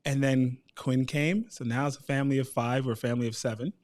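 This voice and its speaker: Animated man telling a family story. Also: mid-range voice, fast. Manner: animated, acts out quotes. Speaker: parent sharing his story at a town hall. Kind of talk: personal storytelling.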